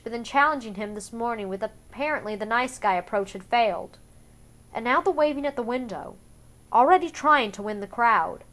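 A woman reading a first-person novel aloud for a fan-made audiobook, in a measured, subdued way. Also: on the high side, a bit bright. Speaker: audiobook reader.

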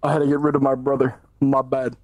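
A man in voice chat during a horror game, quick to scold his friends and repeating himself. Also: medium pitch, completely flat delivery, darkish tone, no room sound. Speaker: VRChat player. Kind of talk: casual gaming banter.

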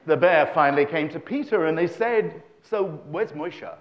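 A man's voice: on the high side, moderate pace, echoey room, highs cut off, pitched above the performer's own voice, close to an everyday voice. A man voicing a matter-of-fact male Catholic with a plain, wry delivery.

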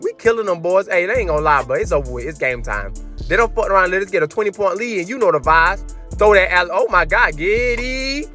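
Young guy yelling and trash talking over his basketball game, high bright voice, sing-songy bits, faint game music behind. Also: brisk. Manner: loud, animated trash talk to chat, sometimes sing-song. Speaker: gamer commenting on his basketball video game. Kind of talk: hyped gameplay commentary.

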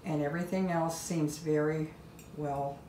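Low-voiced older woman chatting in kitchen. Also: steady tone, a little slow, mellow. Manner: homey and chatty, talks while tasting food. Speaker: home cooking channel host. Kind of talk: casual cooking demonstration. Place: home kitchen. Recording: echoey kitchen, faint background noise.

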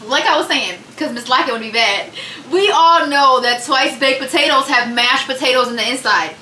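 A young woman with a drawl chatting casually at home for her vlog, lively and teasing, often calling people baby. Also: high voice, moderate pace, a little hiss or hum. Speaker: vlogger. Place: home kitchen.

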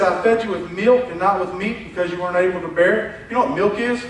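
A man preaching a sermon as pastor, animated, acting out quoted voices and dropping from loud to hushed. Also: high voice, fast, slight background noise. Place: church sanctuary. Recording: echoey church hall from far off.

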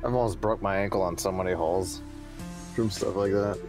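A man's voice: deep voice, brisk, over music. A man chatting offhand and laid-back with a friend while they play a game together. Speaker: co-player. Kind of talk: casual chat while gaming.

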